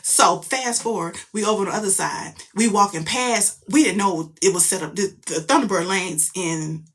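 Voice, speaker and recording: A middle-aged woman tells a story about her daughter in a loud, profane, emphatic, animated way. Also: medium pitch, normal speed. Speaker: mother telling a story. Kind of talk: casual storytelling vlog.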